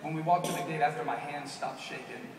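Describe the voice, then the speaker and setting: A man's voice: fairly high pitch, steady tone, fairly quick, background noise. A man, a pastor telling a story and preaching a sermon at a large conference. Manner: storytelling, builds to shouted preaching. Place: large arena. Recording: echoey arena from far off.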